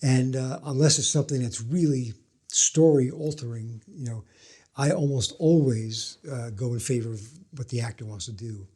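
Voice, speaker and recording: A male film director and writer giving a thoughtful, frank interview answer with gentle self-deprecation. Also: mid-range voice, moderate pace, slightly rough.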